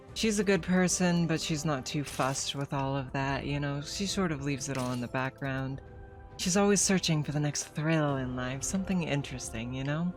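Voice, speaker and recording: A young woman streamer chatting casually over a game, swearing now and then. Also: low voice. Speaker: VTuber streamer.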